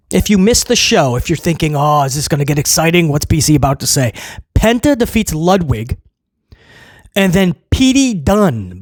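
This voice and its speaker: A man's voice: fairly high pitch, no echo, clean studio sound. A man giving a casual spoken review of a wrestling show, blunt and emphatic, piling up repeated phrases.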